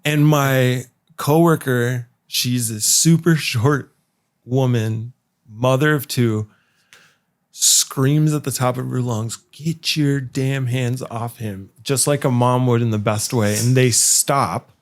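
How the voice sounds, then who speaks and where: A man hosts a podcast and tells a wild work story in loose, swearing chat. His voice sits at an everyday middle pitch, and he keeps the telling animated. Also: slow pace. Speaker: podcast host. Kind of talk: casual storytelling.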